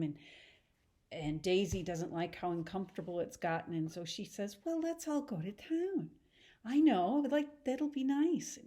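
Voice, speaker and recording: A woman teacher retelling a story in a chatty, animated lesson, acting out the scenes as she goes. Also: lowish voice. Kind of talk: casual lesson retelling a novel.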